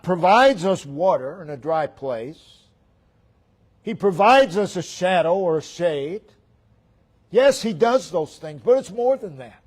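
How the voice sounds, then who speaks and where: A man preaching a sermon, repeating phrases in a rhythmic cadence, his voice swelling for emphasis and then dropping almost to a hush. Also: fairly high pitch. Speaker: pastor.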